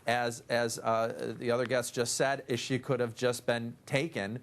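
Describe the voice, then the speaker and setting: A man reporter talks through a case on a talk show at a medium pitch. His sentences ramble and restart, with quoted asides thrown in. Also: flat delivery, a little slow.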